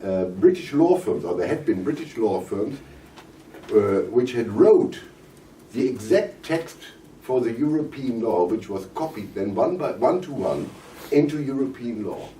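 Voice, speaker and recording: A man with a German accent, hoarse and coughing, speaking haltingly at a press conference with many fillers and restarts. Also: medium pitch, lively intonation, dark tone, a little hiss or hum. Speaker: visiting parliamentarian at a press conference. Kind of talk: press conference remarks in English. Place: conference room. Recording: roomy, distant mic, faint ambience.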